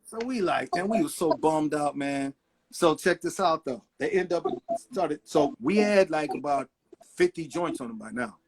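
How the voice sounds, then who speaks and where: A man's voice: a little high, moderate pace, breathy edge. A middle-aged man, a record producer, telling stories in a casual interview and acting out the people he quotes. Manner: animated storyteller acting out quotes.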